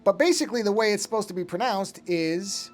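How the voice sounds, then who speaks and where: A man's voice: sits high, fairly quick, faint music behind. A man chatting casually to his live-stream chat while drawing, rambling and often breaking off to fix something. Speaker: art streamer.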